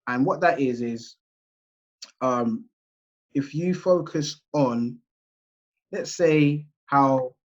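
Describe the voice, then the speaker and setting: An English man delivers a seminar lecture over a video call, talking in a relaxed, conversational way and often checking in with his audience. His voice has a slightly husky edge. The call audio sounds dull and muffled. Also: medium pitch. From England. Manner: conversational, chatty, checks in with listeners.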